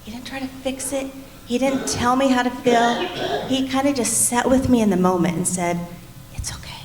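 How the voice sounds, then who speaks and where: A middle-aged woman with a fairly high, steady voice speaks at a moderate pace while co-teaching a church marriage class, and a crowd can be heard behind her. The meeting room is echoey with faint noise. She addresses the group directly, earnestly and candidly telling personal stories.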